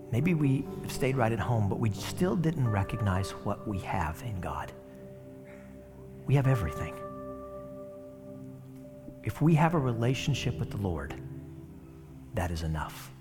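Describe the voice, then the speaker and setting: A man preaching a sermon in a conversational way, with rhetorical asides to the congregation. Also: fairly low pitch. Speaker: pastor.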